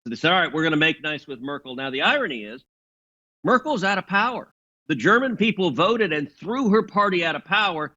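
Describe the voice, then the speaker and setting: A man's voice: a little high, big pitch swings, a little fast, pushed and bright, muffled recording. A man giving assertive political commentary, arguing his point and repeating words as he starts sentences.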